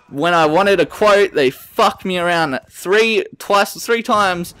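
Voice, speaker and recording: A man's voice: sits high, slow, smooth, no echo. A young Australian man in his late teens, telling a story in a casual rant over gameplay, swearing often and restarting his sentences. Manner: swearing, animated, rambling with restarts. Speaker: gaming channel host.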